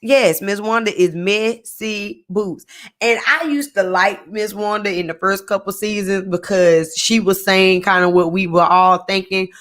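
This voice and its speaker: A woman's voice: medium pitch, steady tone, unhurried, fairly bright tone. A woman casually recapping a reality TV episode in a sassy, chatty way, full of slang asides. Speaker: TV recap reviewer.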